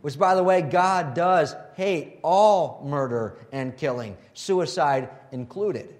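A man preaching a sermon, reading scripture and quotes, and turning animated when he voices the scoffers. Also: fairly high pitch, takes it slowly.

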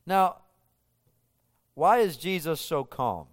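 A male pastor with a fairly high, smooth and resonant voice delivers a sermon. He tells the story vividly, building the scene for his listeners. The sound is close and dry. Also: measured pace, no room sound.

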